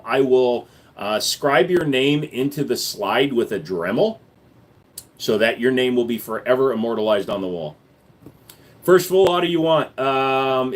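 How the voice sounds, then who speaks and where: A man hosting a casual livestream Q&A, reading chat questions aloud and answering bluntly with loose fillers and profanity. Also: medium pitch. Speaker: gun channel host.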